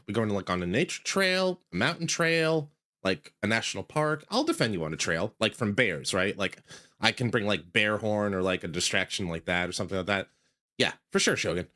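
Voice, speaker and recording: Bright, animated male game streamer. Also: on the low side. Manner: rambling, jokey and self-deprecating, greets chat. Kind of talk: casual livestream chat.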